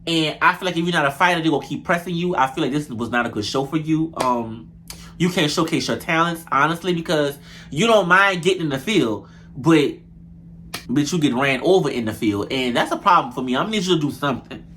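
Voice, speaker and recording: A young man, reviewing a reality show episode in animated, profane, gossipy casual chat. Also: on the high side, brisk, slight background noise. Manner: animated, profane, gossipy, addresses viewers as y'all.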